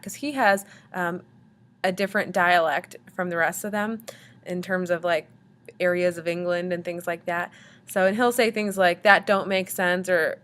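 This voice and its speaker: A woman's voice: medium pitch, a bit bright. A woman teacher giving casual recorded instructions to her class, in a chatty, friendly way with frequent ums. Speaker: language arts teacher.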